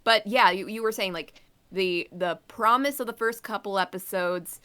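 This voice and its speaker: A woman co-hosting a podcast, chatting casually about a show with a halting, filler-heavy manner. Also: medium pitch, bright, forceful tone. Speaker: podcast co-host. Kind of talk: casual review chat.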